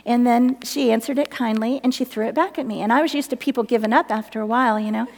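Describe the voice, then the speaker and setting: At a church women's gathering, a woman with a fairly high, gravelly voice talks fast as she earnestly tells her personal testimony, laughing and acting out the voices in her story. The sound carries a big-room quality.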